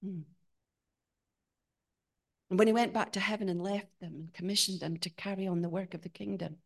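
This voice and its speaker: A woman preaching a sermon in church, rising to emphatic peaks and dropping to quiet, searching questions. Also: medium pitch, fairly even intonation, moderate pace, vocal fry.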